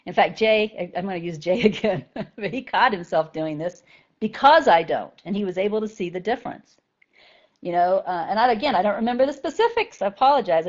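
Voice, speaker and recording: Conversational woman teacher, slightly muffled. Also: lowish voice. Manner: conversational, often asks "right?". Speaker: spiritual teacher. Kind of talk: talk to a group of students.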